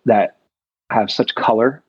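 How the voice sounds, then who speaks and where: A man's voice: lowish voice, takes it slowly, breathy edge, dry recording. An American man in casual political chat, rambling and thoughtful with many fillers and restarts, on a dull lo-fi recording. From United States.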